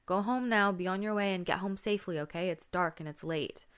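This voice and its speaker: A woman's voice: lowish voice, fairly quick, clear, resonant tone, close to an everyday voice. Woman reading a firm, fatherly male janitor. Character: male school janitor, stern but kindly.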